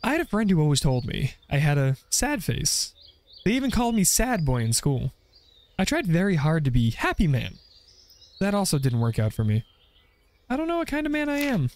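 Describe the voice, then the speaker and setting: A man's voice: on the high side, wildly swooping pitch, normal speed, darkish tone, pitched below the performer's own voice. Gloomy young man, subdued reflective delivery, read by a man. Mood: glum. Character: glum young man, quiet and unsure.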